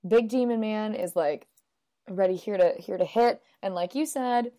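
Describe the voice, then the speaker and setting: A woman's voice: medium pitch, normal speed, mellow. A woman casually recapping a movie in a rambling way, with lots of "like" fillers. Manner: rambling, peppered with "like".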